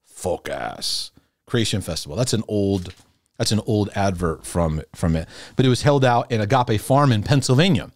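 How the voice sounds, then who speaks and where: A man's voice: fairly low pitch, lively intonation, normal speed, no room sound. A middle-aged man, a host and former youth pastor, talking casually and reflectively to a camera, often repeating himself, restarting phrases and chuckling. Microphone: camera in front of him.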